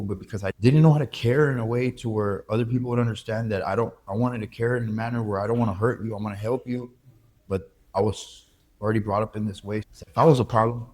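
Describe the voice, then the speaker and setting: Low-voiced man telling a raw personal story. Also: darkish tone. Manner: candid, halting, reflective storytelling. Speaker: interview guest. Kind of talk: emotional personal interview.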